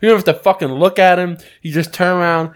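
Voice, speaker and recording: A male podcast host riffs crudely on his guest's story, voice sitting a little on the high side. He talks like a buddy cracking jokes across the table. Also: steady tone, fast talker. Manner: profane, joking banter. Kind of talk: casual podcast chat.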